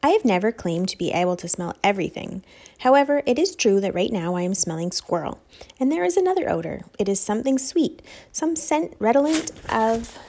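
Brief: grand-mannered storybook boy, formal and fussy, as a woman reads him, a bit gravelly. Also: on the high side, big pitch swings, brisk, a little mellow. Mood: pompous. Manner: formal, pompous.

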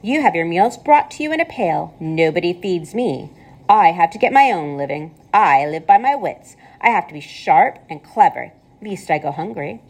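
A woman voicing a pleasant, clever female spider with a thin voice, calm and matter-of-fact in a storybook read-aloud. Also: fairly low pitch, moderate pace. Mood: calmly explaining.

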